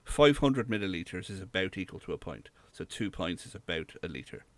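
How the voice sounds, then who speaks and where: A man's voice: low-pitched, sing-song, normal speed, no echo. A man from Southwest England, co-hosting a casual podcast chat in a rambling, dry way. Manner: dry, rambling with many fillers. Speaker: podcast co-host.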